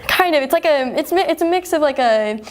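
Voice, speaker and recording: A woman's voice: high-pitched, expressive, brisk. A young woman from Texas, a first-year college soccer player, answering interview questions in an earnest, modest way with long rambling sentences. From Houston, Texas, USA. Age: young adult. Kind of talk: post-game sports interview.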